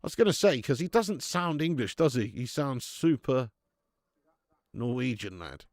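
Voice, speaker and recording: A man hosting a live football watch-along, chatting in a sweary, jokey way and breaking into excited commentary. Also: mid-range voice, normal speed, no room sound, studio quality. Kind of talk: live match commentary and chat.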